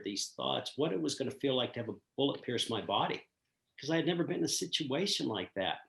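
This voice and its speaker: An older man and retired school principal telling a personal story in an earnest, reflective way with frequent pauses. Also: medium pitch. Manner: earnest, reflective, pausing often. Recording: roomy echo.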